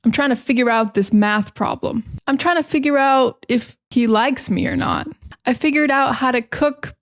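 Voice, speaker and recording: A woman's voice: high voice, sing-song, normal speed. American girl teaching english phrases, chatty and easygoing, lots of examples. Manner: chatty, explains with everyday examples and laughs. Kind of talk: casual explanatory lesson.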